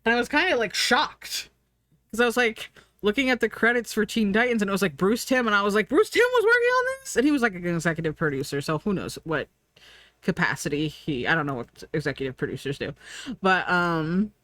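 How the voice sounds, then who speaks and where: A woman streamer chatting casually, full of fillers and "like", acting out her own thoughts in lively quoted asides. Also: lowish voice, fairly quick, no echo. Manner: frequent fillers and "like". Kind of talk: casual rambling chat.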